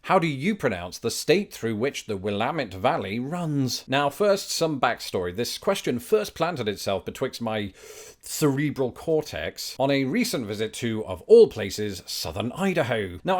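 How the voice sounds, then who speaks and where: A British man hosting a scripted comedic vlog, wry, theatrical and self-mocking. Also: mid-range voice. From Britain. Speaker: YouTube host.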